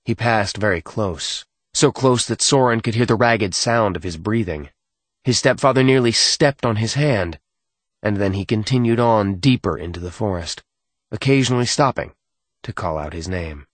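Guy narrating an audiobook, kinda husky, calm and measured, dry booth sound. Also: lowish voice, no echo. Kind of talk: scripted narration.

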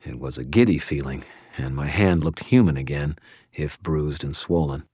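A man narrating a first-person audiobook in a measured, dry storytelling manner. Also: a bass voice, warm tone, slightly rough, dry recording.

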